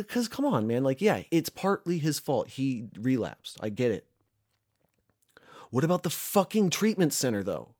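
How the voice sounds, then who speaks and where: A man's voice: medium pitch, a little mellow. A young man, a recovering addict, ranting casually and angrily, swearing a lot and rambling with many fillers. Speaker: recovering addict sharing his views. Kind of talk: casual rant to camera.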